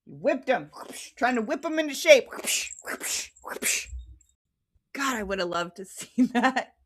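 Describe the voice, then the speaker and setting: A woman's voice: a little high, lively intonation, normal speed. A woman hosting a casual livestream, reading scripture aloud with frequent giggles and chatty asides. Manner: giggly, chatty, prone to tangents.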